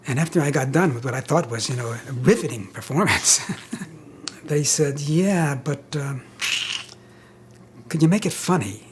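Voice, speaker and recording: An older male actor recalling stories in an interview, chatty and halting with fillers and chuckles. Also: medium pitch, expressive, a little hiss or hum. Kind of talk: anecdotal interview.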